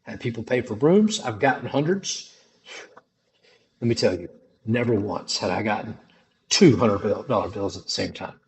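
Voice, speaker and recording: A man's voice: on the low side, animated, moderate pace, pauses often. A middle-aged man telling a personal testimony in a casual, slangy, dramatic way. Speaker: storyteller sharing a testimony.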